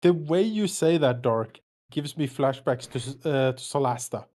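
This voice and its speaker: A man's voice: mid-range voice, normal speed, darkish tone. A man playing in a tabletop game, chatting casually and playfully. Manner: playful, laughs easily. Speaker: player.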